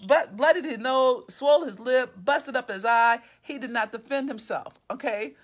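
A woman's voice: a little high, normal speed. A woman reading her own story aloud and breaking off to gush and swear about her characters. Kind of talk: live reading with commentary.

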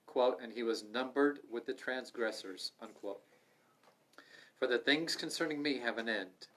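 A middle-aged man runs a Bible study over livestream, speaking in an earnest, conversational way at medium pitch and an unhurried pace. He swings between loud urging and soft asides, picked up on a livestream microphone.

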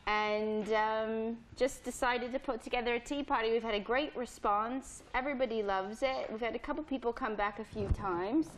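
A woman with a somewhat high voice explains how a children's tea-party painting class works, in a playful, show-and-tell manner. She is interviewed live inside a pottery studio on a field microphone. A faint background noise runs underneath. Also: moderate pace, few pauses. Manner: playful, demonstrating to children, puts on a posh accent at times.

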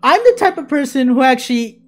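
A woman's voice: high voice, very animated, brisk. A woman giving let's play commentary, exclaiming and swearing jokingly at the game. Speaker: gaming YouTuber.

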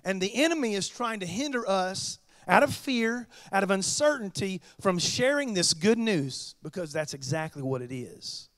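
A man preaches to his congregation, his voice sitting high for a man. He slips into chatty, joking asides between points. The sound is close and dry with no room echo. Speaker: pastor. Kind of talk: sermon.

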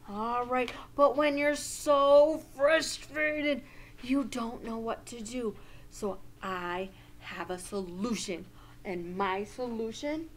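A woman teaching a social-emotional lesson to young children in a slow, sing-song, exaggerated teacher voice. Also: a little high, a bit bright, a little hiss or hum.

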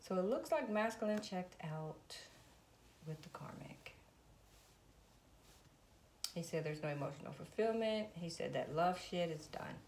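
A woman's voice: fairly low pitch, expressive, measured pace, long pauses. A woman doing a casual tarot reading on video. She talks to her viewers, calls on spirit between cards and swears freely. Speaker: tarot reader. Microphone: phone. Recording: echoey room with loud noise.

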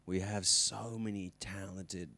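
A man's voice: low-pitched, little pitch movement, a little slow, creaky, bright, forceful tone, no echo. A young man from Australia with an Australian accent, an actor speaking enthusiastically in an interview studio, often restarting his sentences. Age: young adult. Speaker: actor guest. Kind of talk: casual interview chat.

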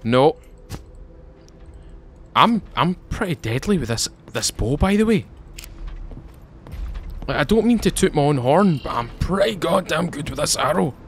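A man commentating his own game session in a chatty, joking way, his voice swinging widely up and down in pitch. He talks back to the characters he meets, and a faint hiss sits under the recording. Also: expressive, unhurried, pauses often. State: tired. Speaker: gaming channel host. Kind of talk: let's play commentary.

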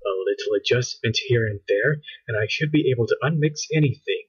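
A man voicing a determined, bossy girl scientist, close to his own husky voice, on a dull lo-fi recording. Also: mid-range voice. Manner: brisk, matter-of-fact, near his own voice.

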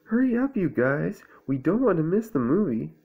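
A man doing a shrill, snappish owl. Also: very animated, normal speed, creaky, breathy edge, exaggerated voice. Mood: panicked. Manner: shrill, shouting, irritable. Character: jumpy, snappish owl, high-strung. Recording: tinny phone-like sound.

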